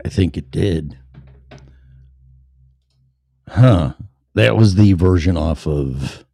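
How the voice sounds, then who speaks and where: A man's voice: low voice, gravelly, warm tone, dry recording, studio quality. A man hosting a live show, rambling, swearing and talking to himself between his scripted lines. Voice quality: rambling, profane, talks to himself. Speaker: show host. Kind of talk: casual live show monologue. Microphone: headphones and mic, checked aloud.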